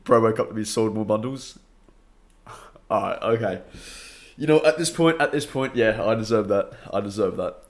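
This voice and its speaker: A man's voice: lowish voice, animated, moderate pace, long pauses. A young Australian man chatting upbeat on a late-night live stream, greeting viewers by name and laughing often, a bit tired. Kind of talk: casual live stream chat.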